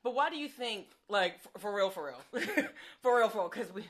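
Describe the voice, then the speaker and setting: A woman's voice: medium pitch, animated, moderate pace, a bit bright. A woman hosting a casual interview, asking questions playfully and passing on viewer comments. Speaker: interviewer host.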